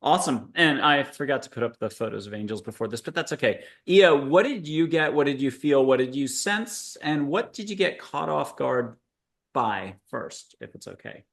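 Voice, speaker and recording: A man's voice: mid-range voice, expressive, moderate pace, vocal fry. A man hosting a video-call panel, leading a guided meditation in a playful, rambling, punning way. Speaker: host.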